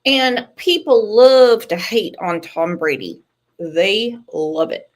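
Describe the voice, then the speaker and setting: A woman's voice: mid-range voice, expressive, slow. A woman hosting a casual livestream, chatting and teasing a caller. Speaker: channel host.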